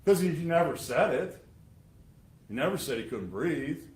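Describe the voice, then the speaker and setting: A man delivers a prosecutor's closing argument with pointed sarcasm and emphatic repetition. His voice sits a little high for a man. The sound carries the roomy echo of a courtroom. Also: lively intonation, unhurried. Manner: emphatic and sarcastic, addressing jurors.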